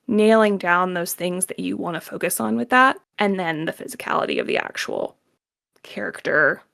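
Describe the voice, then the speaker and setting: A woman's voice: lowish voice, big pitch swings, normal speed, vocal fry, fairly bright tone. A woman voice actor chatting casually as a guest in an interview, laughing often and filling her talk with "like".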